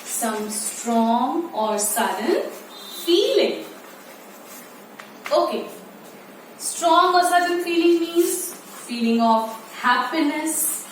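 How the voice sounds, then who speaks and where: In a very echoey room with faint noise, heard from a distance, a high-pitched, animated woman teaches English online to young children. She is a primary school teacher who goes slowly, repeating and elongating the key words.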